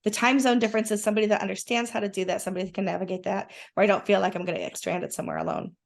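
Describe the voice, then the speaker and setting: A woman's voice: medium pitch, animated, rapid-fire, gravelly. A woman chatting as a guest, enthusiastic and rambling with many restarts. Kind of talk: casual conversation.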